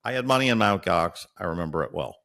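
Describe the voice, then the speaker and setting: Man, lowish voice, interview guest, explanatory, halting, keeps asking right. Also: animated, gravelly, a bit bright. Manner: thinks aloud, tags points with "right?"; frequent hesitations and fillers. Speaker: guest analyst.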